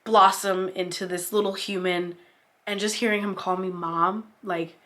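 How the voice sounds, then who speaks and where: Speaking unhurriedly at medium pitch, steady and a bit bright, a young woman vlogger has a casual sit-down talk. She's chatty and emotional, almost in tears, filling her speech with "like" as she lifts up other mothers she calls "mama."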